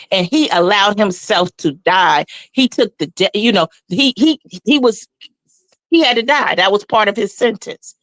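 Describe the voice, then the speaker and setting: A woman's voice: medium pitch, no room sound. Southern woman in her 40s, ranting and cussing, voice swings up and down, dry close sound. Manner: blunt, profane and impassioned, ranting. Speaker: commentary show guest. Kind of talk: heated casual commentary.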